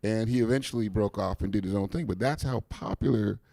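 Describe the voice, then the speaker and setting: A man's voice: on the low side, brisk, gravelly, warm tone, dry recording. A male podcast co-host chatting casually and enthusiastically, laughing often and backing up his guest. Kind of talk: casual interview chat.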